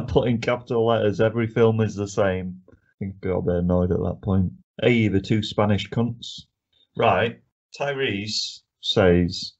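Ranting sweary man, low voice. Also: a little slow, a little mellow. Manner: ranting, sweary, laughs often. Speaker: podcast co-host. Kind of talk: casual film review chat. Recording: dull lo-fi podcast audio.

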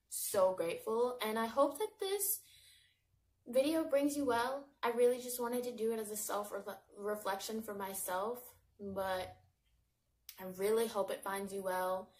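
A young woman in her twenties speaks to her viewers in a personal vlog, her voice catching as she fights back tears. She rambles warmly and sprinkles in casual fillers. Her pitch sits in an ordinary middle range for a woman. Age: 20s. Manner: heartfelt, rambling, many fillers like "like" and "literally". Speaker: vlogger.

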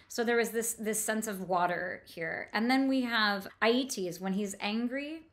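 A woman's voice: a little high, measured pace, few pauses, a bit bright. A woman giving a literary lecture on a novel, thoughtful and enthusiastic, with frequent restarts and fillers. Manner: enthusiastic about the prose. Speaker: book lecturer.

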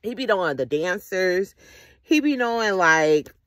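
Vlogger, casual reflective monologue: rambling, slangy, quick to laugh, dry close sound. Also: mid-range voice, animated, a bit bright, dry recording. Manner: rambling, frequent laughter, heavy slang and profanity.

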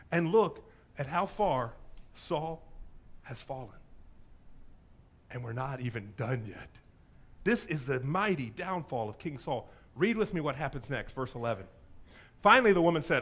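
Pastor preaching, high voice, wide swings, playful storyteller. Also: male voice, big pitch swings, a little slow, long pauses, a bit bright. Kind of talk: sermon.

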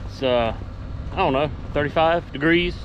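A man talking casually through a farm vlog outdoors, relaxed and rambling with many fillers. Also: a little high, normal speed, lo-fi sound, noisy background. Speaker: farm vlogger.

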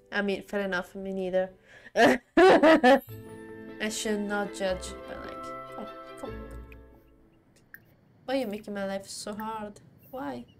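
A woman's voice: medium pitch, steady tone, takes it slowly, long pauses, soft background music. A woman casually commenting on her gameplay, talking to her character and laughing often. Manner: talks to her game character, laughs a lot. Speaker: gaming channel host.

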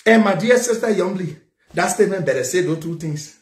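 Angry high-voiced male talk show host. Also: fairly quick, reverberant. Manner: fiery, repetitive, shouting at times. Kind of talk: angry political rant.

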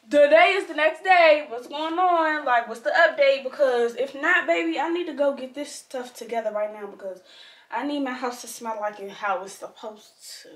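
A young woman with a high voice talks straight into a camera mic in her bedroom, blunt and chatty, full of slang and casual swearing. The room around her rings with echo. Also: fairly bright tone. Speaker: home decor vlogger. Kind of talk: casual chat. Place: bedroom at home.

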